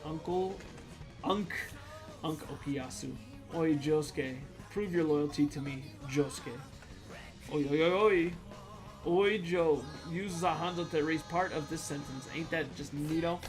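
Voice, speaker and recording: On a livestream, a man with a somewhat high voice reads out viewer jokes in a loud, goofy, joking way, taking his time. Music plays clearly behind him.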